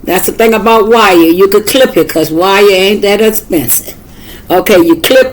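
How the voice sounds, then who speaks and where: A woman's voice: medium pitch, normal speed, rough recording. An older woman with a Southern US accent giving a casual, folksy how-to demonstration, chatting and repeating herself as she works. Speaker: craft tutor.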